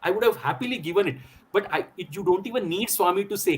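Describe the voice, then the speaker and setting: Man, lively rising and falling voice, high pitch, mixes in Hindi. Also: quick pace. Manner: expressive, mixes in Hindi phrases. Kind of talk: casual chat.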